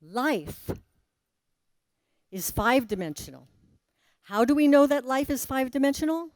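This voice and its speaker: A woman gives a spiritual talk with a fairly high but mellow voice. She takes her time, pausing and letting her voice sink to a near hush. The sound is dry and close. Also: expressive, dry recording. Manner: asks the audience questions. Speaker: spiritual teacher. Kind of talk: spiritual talk to a live audience.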